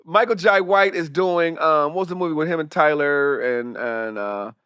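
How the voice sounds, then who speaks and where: A man with a high-pitched voice tells animated stories in a relaxed podcast conversation. He swears freely and slips into the voices of the people he describes. The sound is dry and close, with no room echo. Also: normal speed, clear, resonant tone. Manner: profane, acts out voices in his anecdotes. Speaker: guest, comedian and director. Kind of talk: animated storytelling in casual chat.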